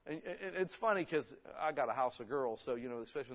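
A man preaching a sermon in a church, blunt and folksy, with sudden loud emphatic bursts. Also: fairly high pitch, lively intonation, a little fast, few pauses. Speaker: pastor. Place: church hall.

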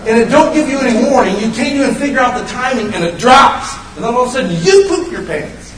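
Animated man preaching in an echoey hall. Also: fast talker, noisy background. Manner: animated, swings from loud high bursts to low hushed lines. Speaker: pastor. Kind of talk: sermon. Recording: roomy echo, mic at a distance.

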